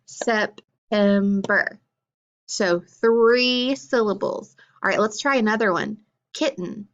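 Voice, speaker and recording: A woman teacher giving a phonics lesson to young children, encouraging them with questions and praise and drawing out words slowly. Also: a little high, dull audio. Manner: draws out words slowly for syllable clapping.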